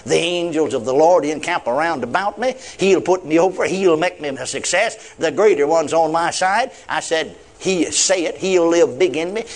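A man preaching a sermon, retelling a conversation and acting out both sides. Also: fairly high pitch. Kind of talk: sermon with retold dialogue.

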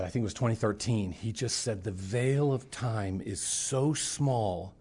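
A man's voice: medium pitch, husky. A middle-aged man, a preacher, telling a personal testimony in casual talk and acting out the voices of the people in his story. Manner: animated storyteller, acts out quoted voices.

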